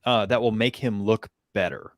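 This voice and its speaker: A man's voice: lowish voice, moderate pace, dry recording, clean studio sound. A man on a casual college football podcast, explaining stats with frequent ums and self-corrections.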